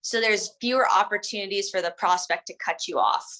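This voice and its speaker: A woman trains salespeople in a loose, conversational way. Her voice is bright and forward, and she fills her talk with "like" and "um" while she acts out sample lines. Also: mid-range voice, fairly quick, poor audio. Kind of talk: casual instructional talk.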